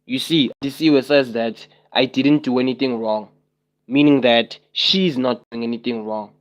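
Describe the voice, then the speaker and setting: A man's voice: mid-range voice, steady tone, moderate pace, muffled recording. Exasperated young man livestreaming. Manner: exasperated, repetitive, rhetorical questions. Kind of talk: casual livestream chat to viewers.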